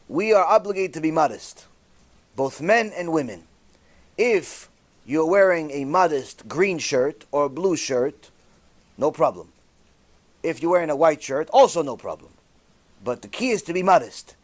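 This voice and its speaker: A man, a rabbi, telling a religious story in an animated way, with sudden loud bursts. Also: a little high, unhurried, pauses often.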